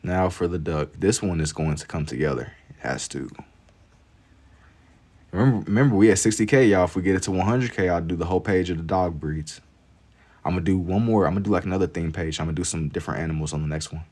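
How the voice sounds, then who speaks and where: A man's voice: low-pitched, fast talker, darkish tone. A young man with a way of talking, drawing on a livestream and chatting easily with his viewers. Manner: laid-back, reads and answers chat while drawing. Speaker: livestream artist. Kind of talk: casual livestream chat.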